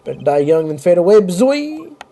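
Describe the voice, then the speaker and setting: A man's voice: sits high, sing-song, normal speed, mellow. A man voicing a brash young male gangster with a cocky, slang-heavy drawl in a game playthrough. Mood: swaggering.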